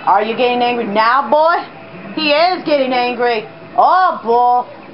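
A woman giving jumpy, excitable commentary while playing a video game. She exclaims a lot and talks to the character on screen. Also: a little high, measured pace. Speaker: let's play gamer. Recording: dull lo-fi recording with game music.

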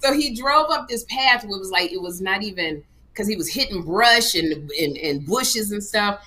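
A woman's voice: medium pitch, lively intonation, moderate pace, sharp tone. A middle-aged woman co-hosting a comedy livestream, telling a story with dramatic flair. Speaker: comedy show co-host. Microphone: livestream microphone.

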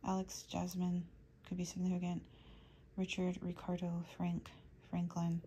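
A woman reads tarot for her viewers in a low, level voice, talking quietly and now and then dropping to a whisper. She rambles from one message to the next and reels off lists of names as they come to her. A faint hiss of noise sits under the recording. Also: completely flat delivery, measured pace, low-quality recording. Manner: low, hushed delivery drifting into whispers. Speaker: tarot reader. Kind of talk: channeled tarot reading to viewers.

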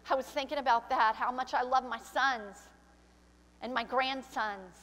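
A woman's voice: high voice, measured pace, fairly bright tone, long reverb tail. An older woman pastor preaching a sermon, emotional and tearful, slipping into prayer. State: crying. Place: church sanctuary.

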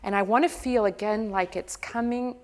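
Animated woman coaching a singer. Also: medium pitch, moderate pace, long reverb tail. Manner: animated, demonstrates by singing. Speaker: voice teacher. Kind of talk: master class coaching.

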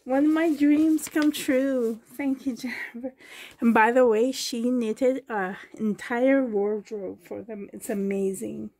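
A woman unboxing a parcel in her bedroom, breaking into excited exclamations and soft whispers. Her voice sits high but has a husky, gravelly grain. She talks at an unhurried pace. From Canada. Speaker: doll collector vlogger. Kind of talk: unboxing vlog. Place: bedroom at home.

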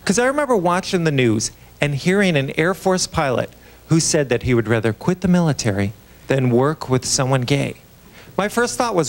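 A man from Buffalo, New York, doing a stand-up comedy set on a TV stage, with a lively, punchy delivery and quick voiced impressions of his family. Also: a little high. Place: comedy club stage on a TV show with a live audience. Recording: loud audience laughter and noise.

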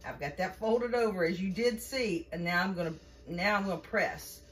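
A woman's voice: mid-range voice, normal speed, fairly bright tone. A woman gives a chatty, folksy home-cooking demonstration in her kitchen and talks to viewers as y'all. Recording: distant mic with faint background noise.

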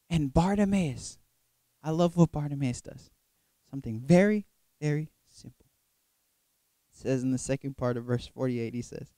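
A man's voice: a little high, moderate pace, long pauses, a little mellow, no room sound. A man preaching a sermon at a youth worship service in an emphatic, repetitive, building way.

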